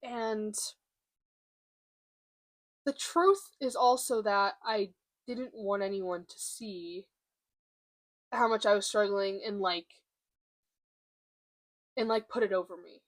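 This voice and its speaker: A young woman in a confessional vlog, speaking candidly and haltingly while holding back emotion. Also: medium pitch. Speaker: vlogger. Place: room by a window, at home.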